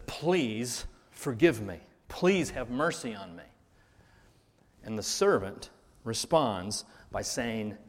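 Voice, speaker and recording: A pastor preaching a sermon, earnest, rising to stress key words and then dropping low. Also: male voice. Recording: reverberant hall.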